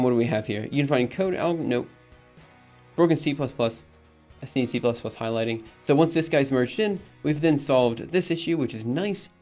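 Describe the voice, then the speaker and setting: Casual male streamer talking through plans, halting and self-correcting, soft music underneath. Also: mid-range voice. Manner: thinking aloud, many ums and restarts. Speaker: streamer and project maintainer. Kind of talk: casual live-stream chat.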